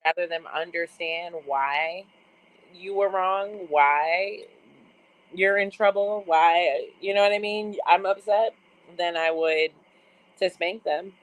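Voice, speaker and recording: A woman in her thirties co-hosting a casual talk show, candid and quick to laugh. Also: fairly low pitch, poor audio. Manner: laughs often, relaxed and candid. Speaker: podcast co-host. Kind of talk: casual chat.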